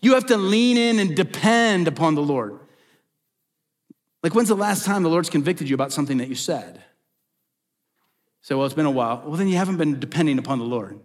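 A man's voice: a little high, animated, moderate pace, pauses often. A middle-aged male pastor preaching a sermon, emphatic, with repeated phrases and rhetorical questions. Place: church sanctuary. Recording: long reverb of a large hall.

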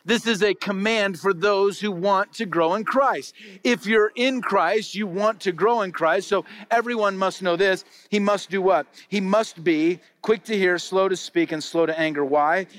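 A man's voice: sits high, a little slow, fairly bright tone. A man preaching a sermon to his congregation in a conversational way, asking them rhetorical questions. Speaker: pastor. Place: church before a congregation.

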